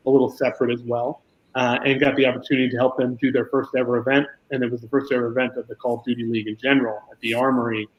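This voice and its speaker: Flat-voiced man telling a career story. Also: mid-range voice, lo-fi sound. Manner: casual, self-deprecating storytelling with many restarts. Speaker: esports business founder.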